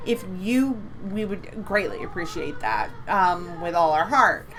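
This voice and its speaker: A woman's voice: lowish voice, sing-song, unhurried, fairly bright tone. A woman co-hosting a live psychic reading stream from home, chatty and upbeat, repeating words for emphasis. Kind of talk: casual live-stream chat.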